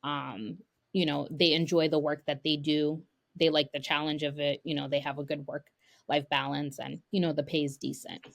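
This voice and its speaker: A young woman talks on a podcast in a slightly low voice. She is an animated storyteller who slips into the voices of the people she describes. Her delivery stays lively and casual throughout. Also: normal speed, gravelly. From United States, of Haitian parents. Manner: animated storyteller, acts out quoted dialogue. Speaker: guest tech sourcer.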